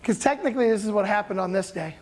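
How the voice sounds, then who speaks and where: Talking fast in a mid-range voice, a pastor retells an old story in plain, everyday language. His animated, conversational delivery keeps checking in with the listeners, making it a friendly sermon, not a formal one.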